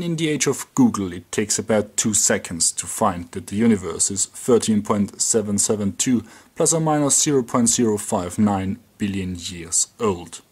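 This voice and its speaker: Husky low-voiced German-accented man. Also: a little mellow. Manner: dry, sarcastic and cutting. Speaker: commentator. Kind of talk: scripted commentary narration.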